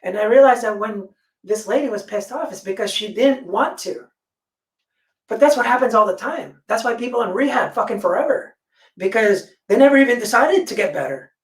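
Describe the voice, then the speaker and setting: Blunt, cursing woman guest, voice high-ish, echoey distant call audio. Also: a little fast. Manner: blunt, profane, animated storytelling. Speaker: panel guest. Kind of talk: casual discussion. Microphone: video call. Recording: echoey room, distant mic.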